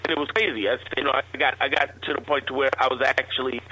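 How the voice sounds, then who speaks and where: Bright-voiced man telling a rambling story. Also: medium pitch, fairly even intonation, fast, husky, rough recording. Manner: rambling anecdotal telling with restarts. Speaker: guest entrepreneur. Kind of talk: casual interview storytelling.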